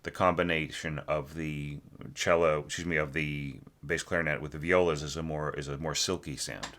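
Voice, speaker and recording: A man with a very low voice and a bright, forceful tone gives a critique of a student's orchestral score. His delivery is loose and conversational, full of restarts and tag questions like "right?". He sometimes hums a short melodic line to show what he means. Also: steady tone, normal speed. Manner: rambling and conversational, keeps asking "right?". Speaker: orchestration teacher.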